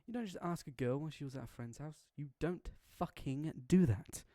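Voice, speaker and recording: A man voicing a protective teenage schoolgirl, doting to her girlfriend and sharp with anyone who upsets her. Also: a little high, big pitch swings, fast talker, no echo, studio quality, voice pushed up. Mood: scolding. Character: protective teenage schoolgirl, sweet but menacing.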